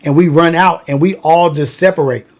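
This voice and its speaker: A man's voice: on the high side, steady tone, normal speed. A man from Long Beach, California, telling wild stories from his youth in loose, slangy livestream chat full of fillers. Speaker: livestream host. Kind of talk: casual storytelling livestream.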